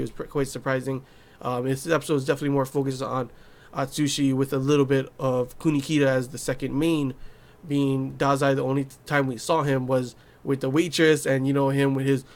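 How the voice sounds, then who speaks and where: A young man hosting a casual anime review, talking loosely with lots of fillers and acting out scenes. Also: medium pitch. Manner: chatty, loose, filler-heavy, acts out scenes in quoted voices. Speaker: anime reviewer, channel host.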